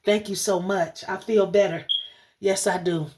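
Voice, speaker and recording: A woman's voice: medium pitch, fairly even intonation, a little slow, a little mellow, a little hiss or hum. A woman running a livestreamed spiritual message as channel host, speaking fervently and preacherly, cursing often and talking straight to her audience. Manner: addresses the audience directly and repeatedly.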